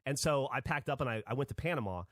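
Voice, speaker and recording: A man's voice: medium pitch, expressive, quick pace, fairly bright tone, no room sound, clean studio sound. A man from Alabama, a podcast host, telling a rambling story in casual chat and swearing freely.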